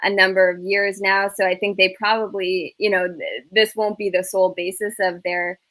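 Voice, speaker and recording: A woman guest on a panel chat, summarising news in a measured, hesitant way with many fillers. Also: mid-range voice, steady tone, fairly bright tone.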